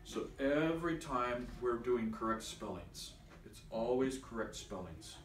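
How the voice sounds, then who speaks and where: A man's voice: medium pitch, lively intonation, distant mic. Patient man teaching from across an echoey room. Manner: patient, quizzing students, slow explanations. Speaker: confirmation class teacher. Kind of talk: classroom teaching. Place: church classroom.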